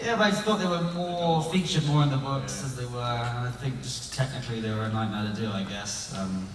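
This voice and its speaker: A man's voice: medium pitch, fairly quick, crowd noise. An easygoing man answering fan questions on a convention panel. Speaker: panel guest. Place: large convention hall. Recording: echoey hall from far off, noisy.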